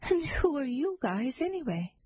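A woman's voice: high-pitched, big pitch swings, moderate pace, mellow, no echo, pitched above the performer's own voice. Woman playing pleading young Snow White. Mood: skeptical. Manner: pleading, then tartly sarcastic.

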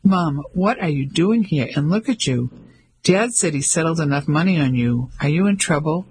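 A man's voice: a little high, expressive, moderate pace, slight background noise, poor audio. A man voicing an earnest young soldier home on leave, anxious and incredulous. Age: young adult.

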